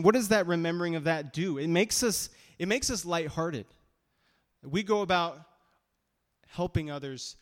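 A man preaching a sermon as pastor, conversational and emphatic, with frequent restarts. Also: on the high side. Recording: long reverb of a hall.

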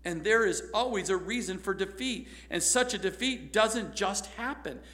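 A man's voice: sits high, expressive, moderate pace, a bit bright. A man preaching a sermon in an emphatic way, repeating phrases for stress. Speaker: pastor.

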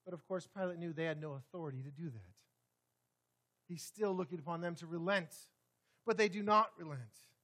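A man preaching a sermon in a church sanctuary, swinging dramatically between loud, forceful passages and hushed ones. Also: fairly high pitch, moderate pace. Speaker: pastor.

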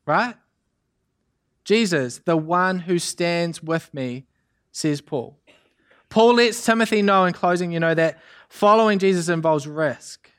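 A young man from New preaching a sermon, telling a story with jokes in an animated way. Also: a little high, smooth. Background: band playing softly.

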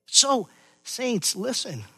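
A middle-aged man preaching a sermon as pastor, swinging from loud emphatic lines to quiet, hushed asides. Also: very high-pitched, big pitch swings, very slow, slightly rough, dry recording, faint music behind.

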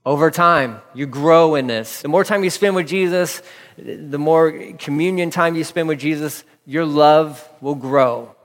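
A man preaching a sermon as a pastor, emphatic and repeating key lines, slowing down when he reads scripture. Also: fairly high pitch. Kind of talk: radio sermon. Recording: long hall reverb.

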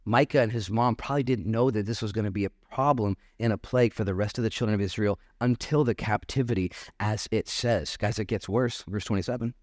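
A man's voice: medium pitch, no echo, clean studio sound. Casual, joking male preacher. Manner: casual, joking preacher who reads scripture then riffs. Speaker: pastor. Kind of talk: sermon. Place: church.

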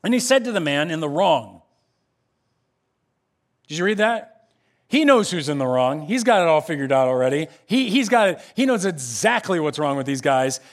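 A man delivers a lively sermon, his voice sitting fairly high for a man. He swings into the voices of the people he quotes as he preaches. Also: normal speed. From United States. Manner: animated, acts out quoted voices. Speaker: pastor.

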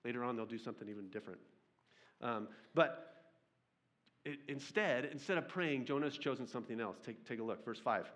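A male pastor preaching a sermon, reading scripture aloud and retelling it as lively storytelling with questions to his listeners. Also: medium pitch, brisk.

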